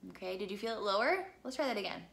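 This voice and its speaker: A woman's voice: mid-range voice, lively intonation, rapid-fire, vocal fry, a bit bright. A young woman from the Midwest teaching a singing lesson, chatty and encouraging as she walks through vocal exercises. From American Midwest.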